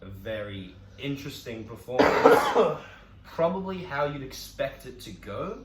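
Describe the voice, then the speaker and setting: A young man with a lowish voice talks football in a measured, hedging way on a casual podcast. He sits back from the microphone, so his voice sounds distant, with a roomy echo and faint background noise. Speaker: podcast co-host. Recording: echoey room, off-mic, faint noise.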